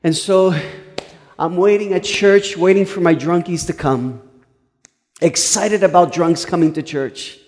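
A man's voice: sits high, unhurried, darkish tone, in a large hall. A male pastor telling a story in a sermon, earnest, with frequent stumbling restarts.

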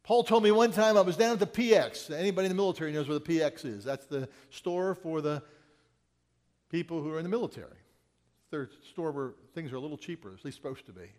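Man, preacher, sermon storytelling, fairly high voice, long hall reverb. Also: fast talker. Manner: swings from loud urgent quotes to quiet asides.

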